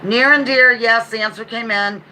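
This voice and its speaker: In a casual livestream trivia game, a woman chats, reads questions and answers aloud, and drops playful asides. Her voice is fairly high and sharp, with fairly even intonation at normal speed. There is a little hiss or hum in the low-quality recording.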